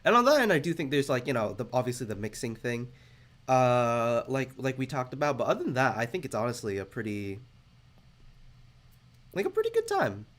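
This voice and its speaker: Rambling man with a lively pitch. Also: fairly quick. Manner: rambling, hesitant, laughs often. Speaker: reaction video host. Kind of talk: casual commentary.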